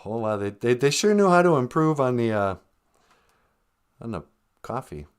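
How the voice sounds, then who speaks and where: Animated, jokey man hosting a live stream. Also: mid-range voice, normal speed, clear, resonant tone. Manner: rambling and jokey, laughs often, acts out quoted lines. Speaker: live stream podcast host. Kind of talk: casual live-stream chat.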